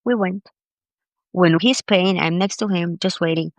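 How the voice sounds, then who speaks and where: A woman being interviewed as a grief expert, telling a personal story in an animated, emphatic way and often repeating words. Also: fairly low pitch, a little slow, no echo. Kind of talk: conversational storytelling.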